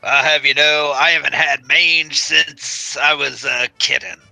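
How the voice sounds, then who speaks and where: A man's voice: fairly high pitch, fairly even intonation, measured pace, gravelly, sharp tone, no echo, faint music behind, poor audio. A man playing a tabletop game, talking in character in a chatty, enthusiastic way. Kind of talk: in-character role-play.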